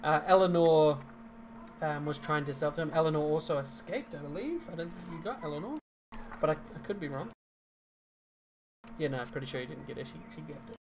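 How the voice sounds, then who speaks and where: A man's voice: fairly high pitch, fairly quick, pauses often, background noise. A man narrating as game master in a casual tabletop game, rambling and correcting himself with frequent ums.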